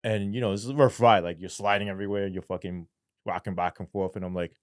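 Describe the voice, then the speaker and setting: Profane, animated man telling his story. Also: low-pitched, fast, dry recording, clean studio sound. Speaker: guest, former police sergeant. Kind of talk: storytelling interview.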